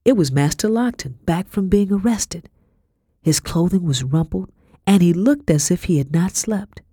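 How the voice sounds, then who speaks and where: A woman's voice: fairly low pitch, husky, no echo. Woman reading an audiobook, dry close sound. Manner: measured, expressive reading. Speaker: audiobook narrator. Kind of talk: scripted narration.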